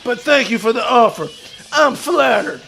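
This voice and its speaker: A man playing a crude, boastful washed-up pro wrestler who talks about himself in the third person and shouts his lines. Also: extremely high pitch, expressive, moderate pace, faint music behind, full character voice. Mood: swaggering bravado. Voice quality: gravelly, shouty bravado. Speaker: streamer in character. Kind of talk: improvised comedy stream.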